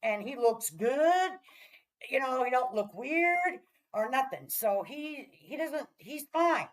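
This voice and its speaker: A woman's voice: high-pitched, very animated, slow pace, poor audio. Vlogger, middle-aged woman, rambling and heated, swears freely, keeps asking viewers "all right?". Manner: talks to viewers with repeated "all right?" check-ins. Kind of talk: casual rant to camera.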